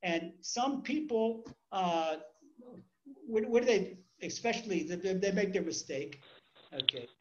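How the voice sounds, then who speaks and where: Conversational rabbi, muffled recording. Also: male voice, high voice, unhurried, heavy background noise. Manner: conversational, repeats words, acts out stories. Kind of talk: Torah class.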